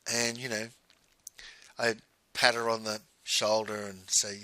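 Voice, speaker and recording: Male storyteller, very bright tone, dry close sound, conversational and full of quoted dialogue. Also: on the low side, little pitch movement, takes it slowly, long pauses, no echo, rough recording. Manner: conversational, often quoting dialogue. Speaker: host. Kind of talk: personal storytelling.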